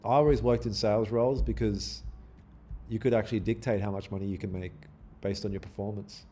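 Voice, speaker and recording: A man's voice: fairly low pitch, fairly even intonation, a little fast, dark tone, a little hiss or hum. A man hosting a live day-trading stream, chatting casually with viewers, swearing freely and talking back to the market. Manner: casual, swears freely, pleads and jokes with chat. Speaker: day trading livestream host.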